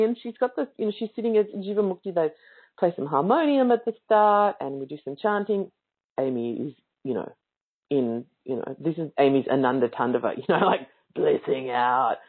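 A woman telling a casual, enthusiastic story about a yoga class in a chatty way, and she acts out the other people's lines. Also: medium pitch. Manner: chatty and enthusiastic, acting out quoted voices. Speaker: yoga student speaking to yoga teachers. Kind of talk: casual spoken anecdote. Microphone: online call or webinar audio. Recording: narrow phone-like sound.

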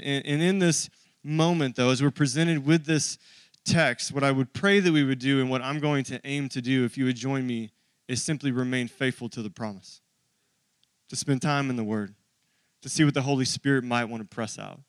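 A man's voice: medium pitch, normal speed, dry recording. Man in his thirties preaching. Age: 30s. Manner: conversational, joking with the congregation. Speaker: pastor. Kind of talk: sermon. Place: church.

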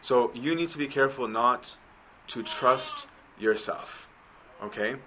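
Unhurried yet forceful, a preacher with a bright, mid-range voice gives a conversational sermon and keeps asking "right?" to engage listeners. The audio is poor, with slight background noise.

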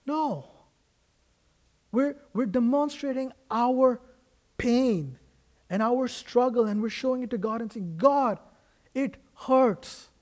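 A man's voice: very high-pitched, slow pace, pauses often, mellow. A man preaching a sermon as a guest pastor in a church, earnest and emphatic, with frequent restarts. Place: church sanctuary.

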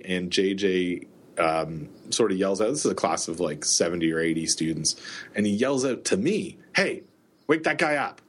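A middle-aged man co-hosting a podcast, telling rambling stories in casual chat and laughing often. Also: low voice. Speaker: podcast co-host.

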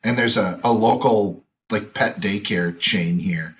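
A man's voice: lowish voice, unhurried. Wry man in casual podcast banter. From central Wisconsin. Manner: wry, mocking, quotes people in put-on voices. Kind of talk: casual chat.

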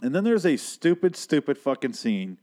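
A man's voice: on the high side, sing-song, moderate pace, a little mellow. A man recapping a TV episode in a casual, profane rant, sarcastic and exasperated. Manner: ranting, sarcastic, heavy swearing.

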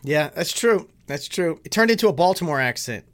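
A man's voice: fairly high pitch, expressive, brisk, fairly bright tone. A man co-hosting a casual interview, asking the guest questions and chiming in with playful remarks. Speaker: podcast co-host.

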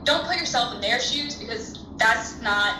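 A woman's voice: on the high side, animated, moderate pace. A woman speaking as a guest in a casual conversation, thoughtful and reflective, with many fillers. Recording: distant echoey mic with background noise.

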